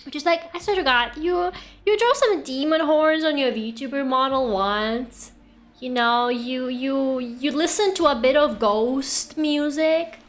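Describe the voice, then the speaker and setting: A woman's voice: sits high, measured pace, faint music behind. A young woman whose first language is Russian, chatting casually and rambling through stories as a VTuber playing a game in an echoey room. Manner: animated, rambling storyteller who laughs often. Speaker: VTuber streamer. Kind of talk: casual gaming stream chat.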